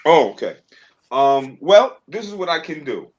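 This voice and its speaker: A man's voice: fairly high pitch, very animated, unhurried, muffled recording. A man hosting a livestream, hesitant and full of fillers, then reading a passage aloud. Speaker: livestream host.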